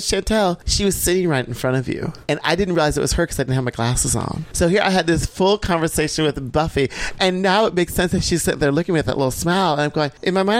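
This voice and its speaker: A gay man telling dramatic, lively stories in an interview, calling people "child" and "baby" and quoting himself in a high falsetto. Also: quick pace, hardly any pauses, no echo. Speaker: interview guest. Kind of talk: animated storytelling in a casual interview.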